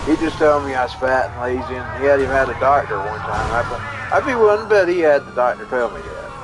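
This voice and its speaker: A man's voice: mid-range voice, animated, fast talker, low-quality recording. Rambling folksy man chatting on stream. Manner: rambling, folksy, repeats himself. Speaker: live streamer. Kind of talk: casual personal storytelling.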